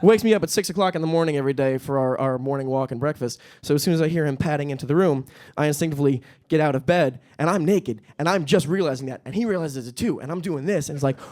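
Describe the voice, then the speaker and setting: A young man doing stand-up on a stage with a handheld mic. His voice sits a bit high for a man, and he talks in a dry, deadpan way, then jumps into squeaky, panicky voices when a joke lands. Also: fast talker, few pauses. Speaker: stand-up comedian. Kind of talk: stand-up comedy set. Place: comedy stage at a live-streamed event.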